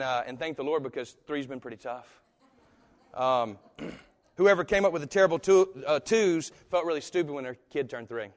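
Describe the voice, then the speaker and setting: Pastor guy preaching, kinda high voice, loose chatty storytelling, echoey church. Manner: conversational, animated storytelling with asides and laughs. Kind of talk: sermon. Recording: echoey hall.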